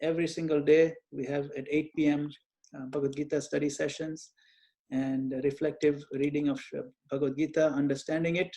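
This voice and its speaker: A man leads an online group Q&A over a video call in a fairly high voice. He explains things gently and earnestly, pausing often with small hesitations as he searches for words. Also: level tone. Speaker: Q&A session leader.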